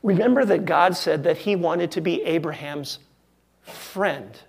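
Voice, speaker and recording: A male pastor preaching a sermon in a wry, conversational way with emphatic pauses. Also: on the high side, creaky, breathy edge.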